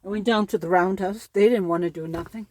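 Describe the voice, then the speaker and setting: A woman's voice: mid-range voice, fast talker, noisy background. A woman speaking a personal monologue to camera as a parent, upset and pleading, repeating herself.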